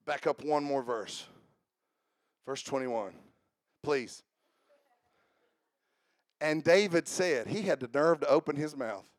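A man preaching a sermon in church, swinging between shouted exhortation and quiet joking asides. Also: a little high, animated, slow, pauses often, no room sound, studio quality.

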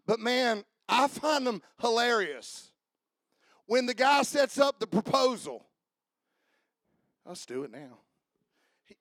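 Preacher, male, high voice, dry close sound, shouts at the peaks, folksy storytelling. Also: no room sound. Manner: shouting, building to fervent climaxes; storytelling, humorous asides. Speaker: pastor. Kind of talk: sermon.

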